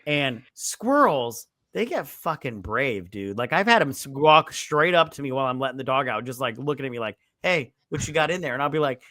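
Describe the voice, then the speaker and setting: A man's voice: medium pitch, animated, a little fast, hardly any pauses, pushed and bright, no room sound, clean studio sound. A man casually retelling movie scenes on a podcast, rambling with lots of fillers and swearing. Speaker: podcast co-host. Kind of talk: casual movie review chat.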